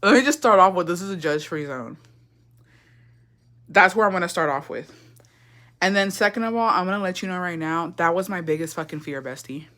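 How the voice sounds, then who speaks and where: A young woman hosts a livestream, telling a profane, gossipy family story in a casual storytime chat, laughing and mixing Spanish phrases into her English. Her voice is lowish and fairly bright, with lively intonation, a fairly quick pace, and long pauses.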